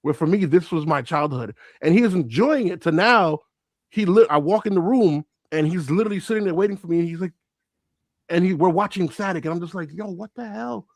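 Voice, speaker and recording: A man in his thirties co-hosting a casual podcast chat, talking in an excitable, joking way and telling stories. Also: high voice, fast, no echo. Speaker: podcast co-host.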